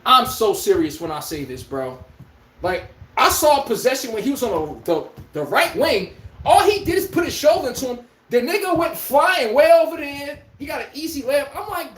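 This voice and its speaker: A man's voice: very high-pitched, sing-song, moderate pace, a bit bright. A man hosting a podcast, delivering a heated, profane sports rant with an incredulous tone. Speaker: podcast host. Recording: echoey room.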